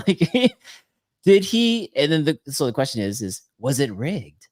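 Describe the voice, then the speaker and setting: A man's voice: medium pitch, big pitch swings, moderate pace, a little mellow, dry recording, studio quality. A man hosting a podcast, chatting casually in an upbeat, slangy way and laughing often. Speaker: podcast host.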